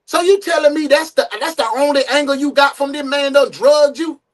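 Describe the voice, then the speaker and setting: A man hosting a live-stream reaction show, joking casually and swinging into loud outbursts. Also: very high voice, fairly quick.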